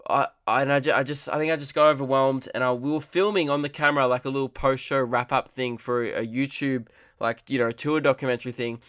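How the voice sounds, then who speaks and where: Aussie comedian guy rambling thru a story, smooth clear voice, dry close sound, lots of um and like. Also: medium pitch, steady tone, fast, hardly any pauses, fairly bright tone, no echo. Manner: rambling, many restarts and fillers, swears freely. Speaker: comedian podcast host. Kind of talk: casual comic storytelling.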